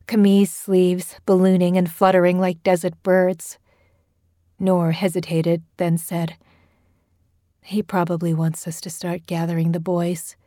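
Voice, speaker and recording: A woman narrates a horror story in a measured, scripted way. Her voice is low and mellow, recorded close and dry with no room sound. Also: no room sound.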